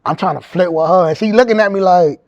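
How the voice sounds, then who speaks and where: A man around forty, telling his own life story in an animated, streetwise way, often repeating words as he goes. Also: high voice, fast talker, dry recording, lo-fi sound. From New York. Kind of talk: casual storytelling.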